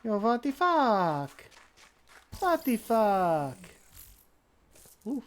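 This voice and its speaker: A woman's voice: a little high, very animated, drawn-out words. A woman streaming a game live, talking to the characters in a made-up drawling accent with folksy slang, impatient and swearing. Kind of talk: live gameplay commentary.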